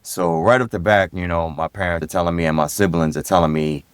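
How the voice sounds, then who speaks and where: A middle-aged man from Brooklyn with a New York accent, a guest telling relaxed stories about his upbringing in an interview. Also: low voice, brisk, hardly any pauses, smooth, dry recording. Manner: easygoing, reflective, repeats phrases. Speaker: guest, retired police lieutenant and DJ. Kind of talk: casual interview storytelling.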